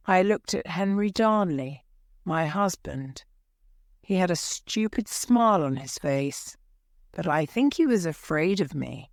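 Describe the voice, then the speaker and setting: Lady narrating a dramatic story, deliberate, dry close sound, unhurried. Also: fairly low pitch, expressive, dry recording. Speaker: story reader. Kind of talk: slow storybook reading for English learners.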